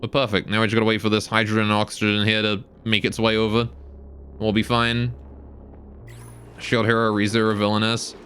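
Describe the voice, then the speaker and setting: A British man whose accent now leans strongly Canadian, streaming a game and chatting loosely as he answers viewers. His voice is bright and forward, and he rambles between tasks. A faint hum of noise sits under his talk. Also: on the low side, completely flat delivery, fairly quick. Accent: British, now mostly Canadian. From Britain. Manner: chatty and rambling, reads viewer questions aloud. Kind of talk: casual live-stream chat while playing.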